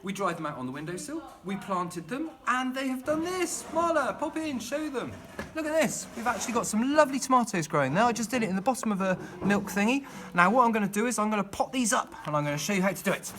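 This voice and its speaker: A man's voice: high-pitched, big pitch swings, fast talker, a bit bright. A middle-aged man chatting and rambling enthusiastically while demonstrating gardening at home in his kitchen. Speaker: gardening vlogger.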